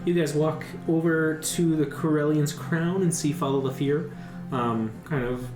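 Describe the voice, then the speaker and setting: A man's voice: on the high side, fairly even intonation, a little slow. A man running a tabletop game as dungeon master, narrating casually with plenty of fillers. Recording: roomy room, music behind.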